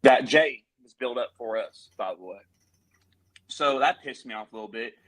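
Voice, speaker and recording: A man's voice: medium pitch, moderate pace, fairly bright tone, poor audio. A man, a musician guest on a live stream, telling a long story in a heated, profane, rambling way.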